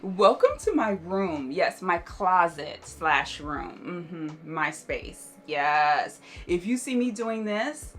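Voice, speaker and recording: A jet-lagged woman hosting a casual vlog from her closet room at home, talking straight to her viewers in an animated way. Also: on the low side, takes it slowly, hardly any pauses. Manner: animated, talks straight to viewers with repeated yeses and listens. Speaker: vlogger host. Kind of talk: casual chatty vlog to camera.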